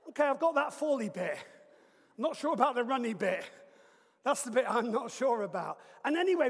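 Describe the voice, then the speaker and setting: High-voiced preacher telling a comic story. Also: male voice, big-room sound. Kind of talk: storytelling sermon.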